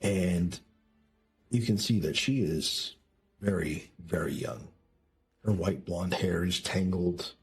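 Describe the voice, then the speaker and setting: A man narrating a tabletop game as game master, slow and descriptive with hesitant restarts. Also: low voice, creaky, soft background music.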